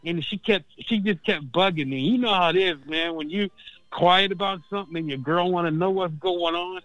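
A man with a high voice tells a long story in a loose, animated way. He swears freely and peppers his talk with "man" and "dude." The sound is dry, with no room around it. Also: normal speed, dry recording, rough recording. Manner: animated, profane, says man and dude constantly. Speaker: phone-in guest. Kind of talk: casual storytelling chat. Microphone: phone line.

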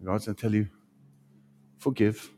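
A man preaching a sermon, swinging between loud emphatic lines and hushed ones. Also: fairly high pitch, sing-song, a little slow, a little hiss or hum.

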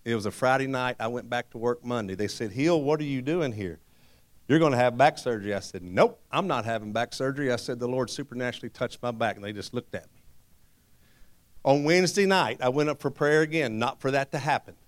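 Laughing preacher telling a story. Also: male voice, medium pitch, a little fast. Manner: storytelling with frequent laughter, animated. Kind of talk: sermon testimony.

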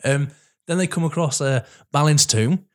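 A young British man co-hosting a casual podcast. He swears freely and laughs often. He slips into quick put-on voices when retelling film scenes. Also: on the high side. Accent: British English. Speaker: podcast co-host. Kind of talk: casual chat.

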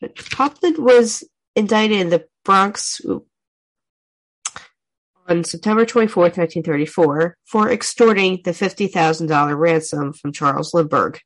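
A woman's voice: fairly low pitch, measured pace, low-quality recording. A woman co-hosting a podcast who reads out a case steadily and teases her co-host in casual chat. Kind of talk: casual chat and reading aloud.

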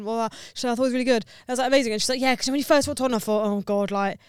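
A woman's voice: a little high, very fast, hardly any pauses, clean tone, no room sound, studio quality. A woman comedian with a Southern English accent telling stories eagerly on a podcast and running herself down. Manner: eager, self-deprecating storyteller. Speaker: comedian guest. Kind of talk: casual podcast chat.

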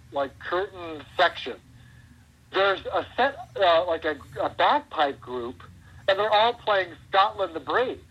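A man in his forties, a pro wrestler guest, telling stories in a rambling, animated way and laughing often. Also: a little high, breathy edge, muffled recording. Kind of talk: casual interview chat.

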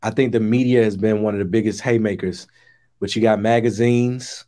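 A man's voice: fairly low pitch, steady tone, normal speed, warm tone. A middle-aged man, hosting a casual discussion stream and talking to viewers in a loose, rambling way. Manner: conversational, rambling with restarts and asides to viewers. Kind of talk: casual spoken commentary.

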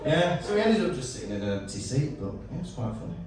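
A man's voice: fairly high pitch, big pitch swings, fast, a little mellow, slight background noise. A young man co-hosting a podcast before a live audience, telling a story with lots of laughs and restarts. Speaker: podcast co-host. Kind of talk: live comedic podcast chat. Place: performance space with live audience. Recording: echoey venue from a distant mic.

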